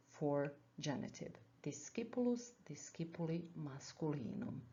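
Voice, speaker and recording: A woman with a low, mellow voice takes her time over a grammar lesson, spelling out each point and going back over it for her students. The sound is a little dull and lo-fi. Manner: methodical, repeats key points for learners. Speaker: Latin teacher. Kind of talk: slow, patient lesson explanation.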